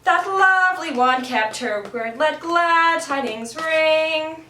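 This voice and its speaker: Carefree singing puppet man, voiced by a woman, slow lilting high tune, roomy distant sound. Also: sharp tone, exaggerated voice. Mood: merry. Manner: slow, lilting sing-song.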